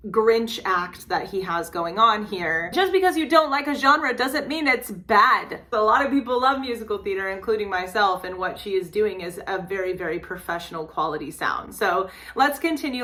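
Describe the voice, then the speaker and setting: Young adult woman, singing teacher doing reaction commentary; bright, casual, explanatory delivery. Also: mid-range voice, normal speed. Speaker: opera singer and voice teacher reacting to a performance.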